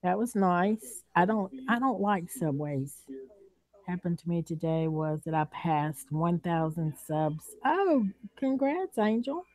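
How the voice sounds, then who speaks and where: A woman with a Southern accent chats loosely on a home livestream, drawling and laughing between remarks. Her voice sits low and sounds mellow and warm. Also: fairly even intonation, a little slow. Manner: chatty, drawling, laughs often. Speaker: livestream host. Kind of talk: casual livestream chat.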